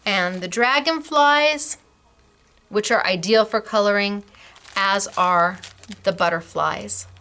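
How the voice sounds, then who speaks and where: A middle-aged woman hosting a craft class, chatting warmly and gushing over samples, laughing often. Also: medium pitch, takes it slowly. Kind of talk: casual product demo.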